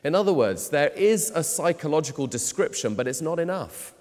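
A man preaching a sermon in an emphatic way, often swinging between loud, stressed phrases and quiet ones. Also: a little high, lively intonation, a little fast. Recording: long hall reverb.

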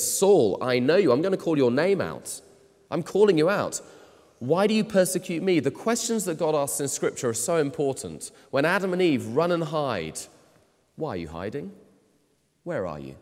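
Male preacher, sermon, emphatic delivery, mid-pitched voice, long hall reverb. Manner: emphatic, swinging from loud to quiet.

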